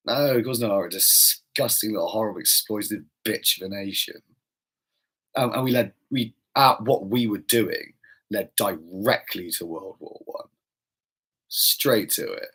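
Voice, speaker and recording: A man's voice: lowish voice, a bit bright, slightly rough. A young British man hosting, ranting in a profane, digressive, exasperated monologue. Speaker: host.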